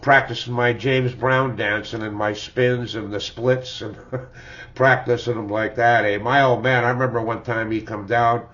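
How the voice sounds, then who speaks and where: An older music-collector vlogger chats casually about his beloved records, chuckling and rambling with frequent "eh?" tags. His medium-pitched voice is fairly bright and fairly even in intonation, and a little slow. It's a dull, lo-fi home recording.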